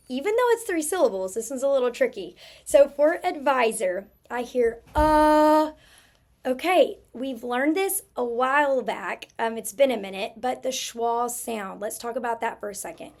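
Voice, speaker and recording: A woman's voice: fairly high pitch, a little mellow. A woman teaching a spelling lesson to young students, patiently sounding out words letter by letter.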